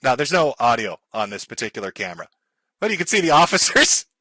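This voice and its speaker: A man's voice: medium pitch, sing-song, fast talker, bright, forceful tone, no room sound. A man giving mocking, sarcastic livestream commentary, laughing often and apologizing in mock seriousness. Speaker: streamer.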